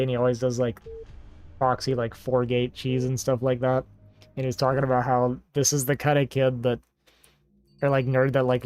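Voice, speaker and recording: A man's voice: mid-range voice, darkish tone, clean tone. A man hosting a livestream, talking casually and at length to his viewers and reading out their comments. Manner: rambling and talkative, reading chat aloud. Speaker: livestream host. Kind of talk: casual chat to a stream audience.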